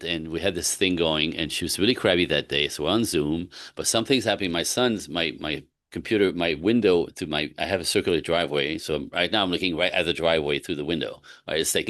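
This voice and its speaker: A man's voice: sits low, quick pace, dry recording. A man, a relationship coach, chatting casually on a podcast and telling stories animatedly, acting out both sides of conversations. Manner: animated storytelling, acts out both sides of dialogue.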